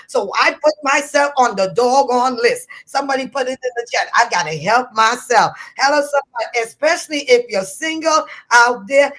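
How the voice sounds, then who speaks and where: A woman's voice: a little high, low-quality recording. Trinidadian woman, middle-aged, motivational live-stream host with a raised voice and preacher-style rallying. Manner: lively preacher-like call-outs.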